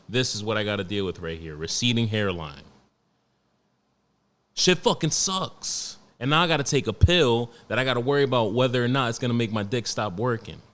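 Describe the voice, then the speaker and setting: A man in his late twenties hosting a podcast alone, talking in a profane, rambling, animated way. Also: fairly low pitch. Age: 20s. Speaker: podcast host. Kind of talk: casual solo podcast rant.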